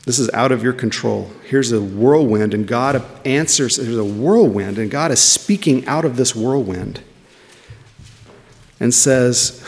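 Gravelly-voiced man preaching in a hall. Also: mid-range voice, unhurried. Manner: conversational, asking the listeners questions. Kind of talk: sermon. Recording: long reverb of a large hall.

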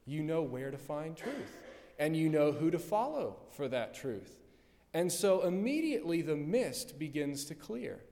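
A man's voice: a little high, sing-song, unhurried, warm tone. A pastor preaching a sermon, pressing his point with rhetorical questions and repeated words. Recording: long hall reverb.

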